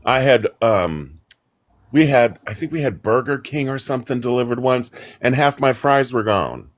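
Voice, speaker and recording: A man's voice: medium pitch, lively intonation, moderate pace. A man chatting casually on a live stream, laid-back and wry. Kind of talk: casual chat.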